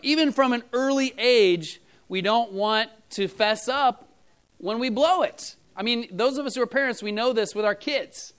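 A man's voice: high-pitched, a bit bright, clean tone. A middle-aged man preaching a casual sermon to his church, talking in a loose storytelling way with many fillers. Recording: church audio recording.

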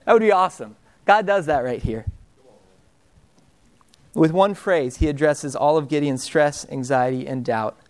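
High, smooth-voiced man preaching. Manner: conversational preaching, drops soft and slow on key phrases. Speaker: pastor. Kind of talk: sermon.

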